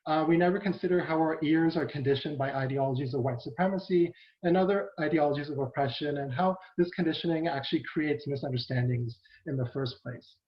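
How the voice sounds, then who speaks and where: Man, conference presenter, earnest, rhetorical tag questions, somewhat high voice, dull lo-fi call sound. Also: a little fast, hardly any pauses. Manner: earnest, with frequent rhetorical "right?" tags. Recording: muffled lo-fi online audio.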